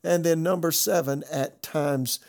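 A man preaching a sermon in a slightly high, gravelly voice. He reads scripture aloud and makes his points with emphasis, building his argument step by step as a pastor speaking to his congregation. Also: steady tone, unhurried, a little mellow.

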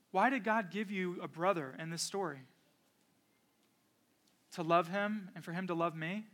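A man's voice: high voice, pushed and bright. A man in his thirties preaching a sermon to parents, in an earnest, conversational way with stories from home. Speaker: pastor.

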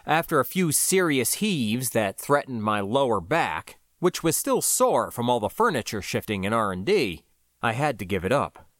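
A man narrating a science-fiction novel in the first person, with a measured, expressive storytelling delivery. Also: mid-range voice, no echo, studio quality. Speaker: audiobook narrator.

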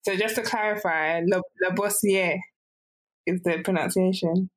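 A woman hosting an interview, her voice sitting low and level with little rise and fall. She asks her questions in a measured, even way. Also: poor audio. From England. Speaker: podcast host. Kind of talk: interviewing a guest.

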